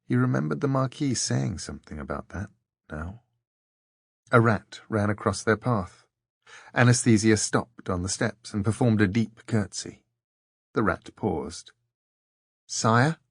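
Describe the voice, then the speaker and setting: Brief: a male audiobook narrator, low and unhurried, steady and deliberate. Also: gravelly, breathy edge, dry recording, studio quality. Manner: measured, deliberate storytelling. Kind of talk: scripted narration.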